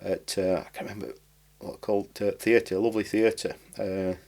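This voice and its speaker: His voice is fairly low, gravelly and a little mellow, with fairly even intonation and a slightly quick pace. The speaker, a writer and comedian from Barnsley, England, rambles through a casual podcast interview in broad South Yorkshire dialect, dropping words.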